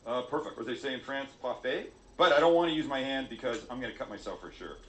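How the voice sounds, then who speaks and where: A man's voice: mid-range voice, expressive, rapid-fire. Man, cooking-show host, joking as he works, roomy echoey sound. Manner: jokey, self-mocking, chatty. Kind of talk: cooking demonstration video.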